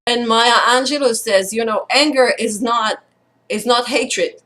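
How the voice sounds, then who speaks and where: Earnest thirties woman, higher voice, reflective storyteller. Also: a little slow, fairly bright tone, poor audio. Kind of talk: personal storytelling in an online circle.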